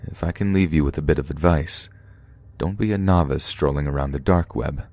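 A man narrating true scary stories for a podcast in a steady, measured way. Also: a bass voice, dry recording.

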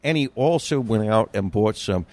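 A man's voice: on the low side, lively intonation, normal speed, a little mellow. A man co-hosting a casual talk show, telling long rambling stories and chuckling as he goes. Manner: rambling storyteller who chuckles through his tales. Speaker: podcast co-host. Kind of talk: casual chat.

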